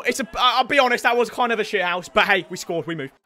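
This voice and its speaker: A man giving excited video game football commentary, pleading with his players, screaming at goals and then apologizing for the noise. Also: high-pitched, fast, soft background music. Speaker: gaming YouTuber.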